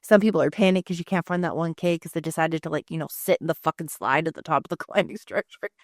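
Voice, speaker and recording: A low-pitched woman talks fast in clean, echo-free studio sound. Co-hosting a podcast, she tells rambling everyday stories in casual chat and swears freely.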